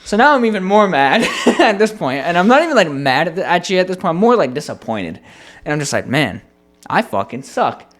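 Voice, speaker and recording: A man co-hosting a podcast, telling a story in casual chat with an animated, profane manner. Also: high voice, brisk. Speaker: podcast co-host.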